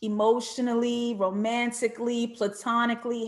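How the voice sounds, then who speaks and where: An American woman reviews a TV drama from her home setup, her voice sitting a little high. She moves between thoughtful questions and sudden playful outbursts. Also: unhurried. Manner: expressive, with sudden playful shrieks and asides; reflective and questioning. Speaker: TV show reviewer. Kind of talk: animated video review commentary.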